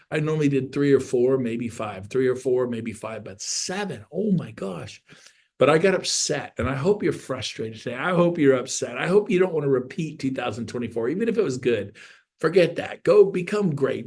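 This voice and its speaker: Emphatic motivational coach, male, fifties, mid-pitched voice, preachy delivery with repeated punchlines. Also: a little mellow, slightly rough. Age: 50s. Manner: emphatic, preachy, with repetitions and acted-out quotes. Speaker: real estate coach. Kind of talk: motivational talk on a video call.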